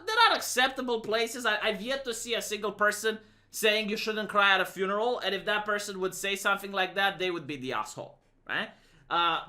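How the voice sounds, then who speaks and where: A man from Romania runs through a sarcastic opinion rant for his channel, stumbling over repeated words as he goes. His voice is bright and sharp, with a very lively swing in pitch. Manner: sarcastic, stammers on restarts. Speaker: streamer and YouTuber. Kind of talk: opinion monologue.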